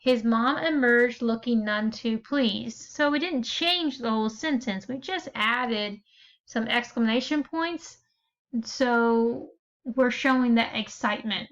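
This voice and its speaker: A woman teacher walks her class through a writing lesson in a patient, step-by-step way, checking in often to make sure they follow. Her voice sits a little high. The recording is somewhat dull and lo-fi. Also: measured pace, fairly bright tone.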